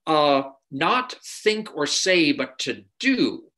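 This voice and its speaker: A man's voice: fairly high pitch, sing-song, takes it slowly, pushed and bright. A man giving a masterclass lecture as a screenwriter, telling anecdotes in a conversational way with frequent filler sounds and restarts.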